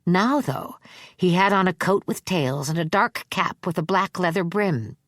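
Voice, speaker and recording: Reading a horror story aloud, a low-voiced female audiobook narrator keeps her scripted storytelling even and measured. The recording is dry and clean, studio quality.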